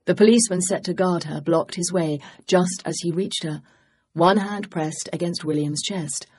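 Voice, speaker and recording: An audiobook narrator reading a mystery novel in a steady, measured way. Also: mid-range voice, slightly rough. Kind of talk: scripted narration.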